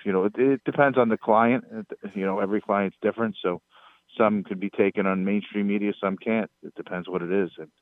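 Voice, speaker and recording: A man with a New York accent telling stories as a guest on a talk show, talking casually with emphatic rises and halting fillers. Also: fairly low pitch, fairly even intonation, dry recording. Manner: storytelling, rising emphatic on complaints, halting fillers. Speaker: guest, PR strategist. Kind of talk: casual interview chat. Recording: dry tinny phone line.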